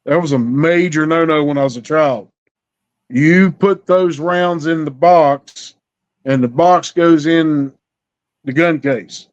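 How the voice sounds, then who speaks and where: A man's voice: a little high, slow pace. A middle-aged man telling a story in a folksy, drawling way, acting out the dialogue. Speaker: storyteller guest. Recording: dull lo-fi recording.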